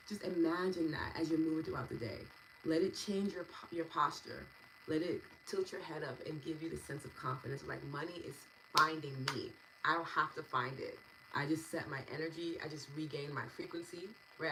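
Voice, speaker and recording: A woman with a notably low voice leads a live meditation and tapping session in a gentle, affectionate way. She is in her thirties and chats with her viewers, thanking each one by name. A faint hum sits behind her. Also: rough recording. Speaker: meditation and EFT practitioner. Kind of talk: live-stream wellness session, reading viewer comments.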